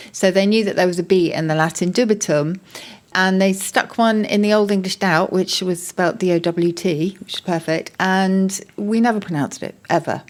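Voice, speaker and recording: A woman on a comedy panel show, the resident word expert, eagerly explaining the history of words. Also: on the low side. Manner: enthusiastic, nerdy storyteller.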